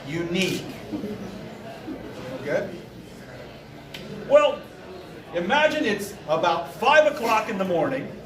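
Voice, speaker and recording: A man in his fifties telling a comic personal story at a live event, animated and full of sound effects. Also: high-pitched, slow, long pauses. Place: bar event space. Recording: roomy live sound from far off.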